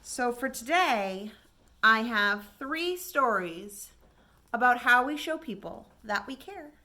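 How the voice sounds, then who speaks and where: Children's librarian, woman, storytime reader, high voice, unhurried, gentle and expressive. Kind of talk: reading a picture book aloud to kids.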